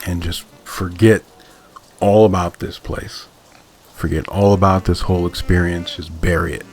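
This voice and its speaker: A man's voice: sits low, steady tone, moderate pace, darkish tone. A man hosting a podcast, casually breaking down a comic in a thoughtful way, with lots of fillers and restarted phrases. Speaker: podcast host. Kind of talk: casual comic-book analysis.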